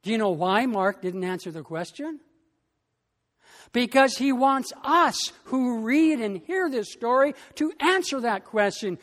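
A pastor preaching a sermon in a slow, emphatic way, with long pauses between phrases. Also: medium pitch, in a large hall.

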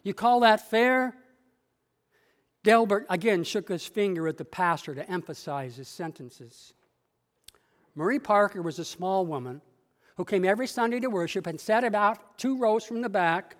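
A male pastor delivering a story sermon in a church with a measured, dramatic storytelling manner. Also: high-pitched, in a large hall.

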